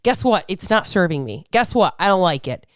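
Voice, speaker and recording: A woman's voice: fairly low pitch, big pitch swings, fairly quick, clear, resonant tone, dry recording. Brief: woman in her thirties, fired-up, preachy fitness coach, dry close sound. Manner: blunt, profane, fired-up, preachy. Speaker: fitness coach and podcast host. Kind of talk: unfiltered podcast rant.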